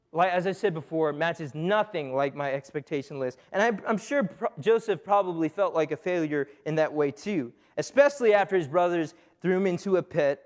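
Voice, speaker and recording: High-voiced young man giving a casual sermon. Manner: conversational, jokey, self-questioning, many fillers. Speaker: youth speaker.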